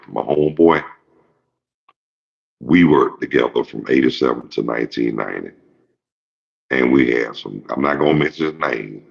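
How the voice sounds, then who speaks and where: A man's voice: rumbling low, vocal fry, husky. A man in his fifties hosting his own show, rambling through a casual, jokey monologue full of profanity. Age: 50s. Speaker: show host. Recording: dull lo-fi recording.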